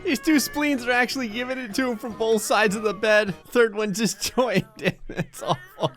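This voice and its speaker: A man's voice: very high-pitched, normal speed, few pauses, over music. Gleeful sarcastic man doing game commentary. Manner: gleeful, sarcastic, laughs often. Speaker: gaming commentator. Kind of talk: let's play commentary.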